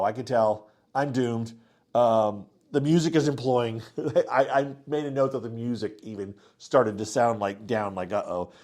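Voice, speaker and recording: A middle-aged man casually recapping a reality TV episode, rambling with restarts and acting out what people said. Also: mid-range voice. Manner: rambling, many restarts and "um"s, acts out quotes.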